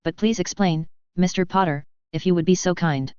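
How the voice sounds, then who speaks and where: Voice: medium pitch, fairly even intonation, moderate pace, a little mellow, smooth, dry recording, close to an everyday voice. A narrator voicing a strict, precise older woman professor in an audiobook reading. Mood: stern. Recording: dry, slightly dull audio.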